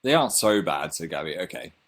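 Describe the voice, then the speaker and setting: An extremely low-pitched male voice, very animated and quick, with a fairly bright tone. A young Northern English man hosts his own livestream, casually chatting and reading out viewer comments in a chatty, self-mocking way.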